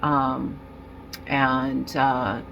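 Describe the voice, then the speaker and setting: A woman talking in a casual personal vlog, rambling and halting with many fillers and restarts, in nicotine withdrawal and feeling disoriented. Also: a bass voice, little pitch movement, gravelly, muffled recording, a little hiss or hum. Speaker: vlogger.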